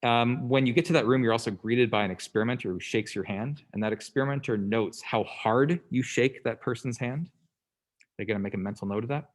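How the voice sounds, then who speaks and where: A man's voice: medium pitch, a little fast. A man lecturing a class in a conversational way, often checking in with "okay?" and "right?" and briefly acting out the people in his examples. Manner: acts out quoted people in passing.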